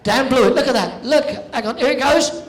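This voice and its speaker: High-voiced man joking with a crowd. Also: moderate pace. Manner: teasing, jokey, calls out to the audience. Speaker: arena compère. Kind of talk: cheeky crowd warm-up banter. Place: indoor sports arena.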